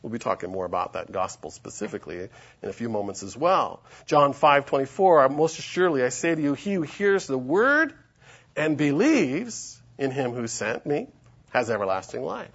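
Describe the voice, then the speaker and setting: Man preaching, husky voice, lively swooping pitch, emphatic scripture reading. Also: normal speed, muffled recording. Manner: animated, emphatic, reads scripture aloud.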